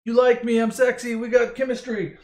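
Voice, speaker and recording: A cocky male space pilot snaps and bosses everyone around in a raised, loud voice, as a man puts him on. The echo of the room hangs on every line. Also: very high voice, level tone, a little fast, pitched above the performer's own voice. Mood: bossy. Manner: brash, bossy.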